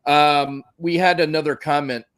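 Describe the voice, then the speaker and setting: A man with a fairly high voice co-hosting a wrestling podcast. He recaps the week's matches in a loose, rambling way, swearing freely and leaning on fillers. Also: steady tone, moderate pace, a bit bright, smooth. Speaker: podcast co-host. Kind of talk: casual wrestling chat.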